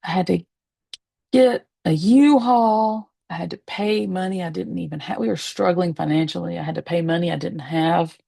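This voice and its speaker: Gravelly, husky woman telling her story. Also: lowish voice, no room sound. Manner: candid and emotional, with pauses and soft laughs. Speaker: medium and spiritualist. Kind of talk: personal storytelling to camera. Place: at home, seated in a rocking chair.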